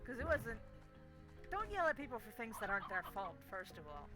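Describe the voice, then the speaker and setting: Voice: medium pitch, very animated, a little fast, over music, low-quality recording. A young adult game streamer telling a story casually while playing, swearing constantly in an exasperated rant.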